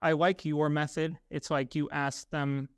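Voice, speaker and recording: A man's voice: fairly high pitch, flat delivery, a little slow, smooth, no room sound, studio quality. A young man from Massachusetts co-hosting a podcast, talking things through reflectively and often checking in with "right?". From Massachusetts, USA. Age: young adult. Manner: reflective, uses fillers like "right?" and "you know". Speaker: podcast co-host. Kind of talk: casual podcast discussion.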